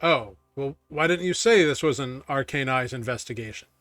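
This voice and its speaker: Man playing a curt, gruff tavern keeper. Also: mid-range voice, moderate pace, a bit bright, no room sound, faint music behind, natural voice. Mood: wary. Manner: curt, folksy.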